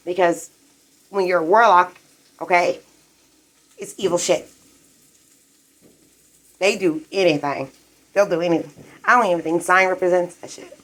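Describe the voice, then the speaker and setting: A woman's voice: lowish voice, low-quality recording. A woman on a live stream, ranting in a rambling, profane, agitated way from her apartment. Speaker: livestreamer.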